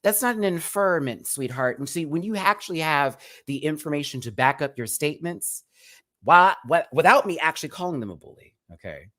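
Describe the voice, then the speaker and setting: A man's voice: a little high, animated, a little fast, a bit bright. A man hosting a live review show who rants at a critic in a sassy, cutting way, throwing out pet names like sweetie and baby. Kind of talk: live confrontational rant to a critic.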